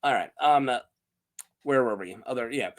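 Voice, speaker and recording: A man casually recapping fantasy story lore, playful and quick to laugh, with lots of fillers. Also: medium pitch. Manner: playful, animated, laughs often, many fillers. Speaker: host of a fantasy lore channel.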